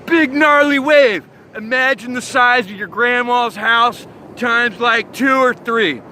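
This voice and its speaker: A man with a very high, bright voice rambles through a comedic surfer monologue. He piles on surfer-bro slang and over-the-top storytelling, recorded on a phone with a faint hum of noise behind him. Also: slow, low-quality recording. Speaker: comedic host.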